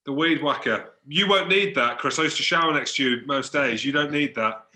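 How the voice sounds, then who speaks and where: A man from Scotland hosting a loose, joking interview, ribbing his guest as he goes. His voice has a bright, forceful edge. The room around him rings noticeably. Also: fairly high pitch, a little fast, reverberant. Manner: joking, teasing, animated. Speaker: host. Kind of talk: casual interview banter.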